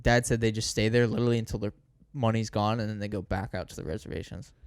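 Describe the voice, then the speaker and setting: Young male podcast co-host, casual, adds details, smooth and dry. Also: on the low side, steady tone, fast talker, no echo. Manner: chimes in to fill in details. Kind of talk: casual chat.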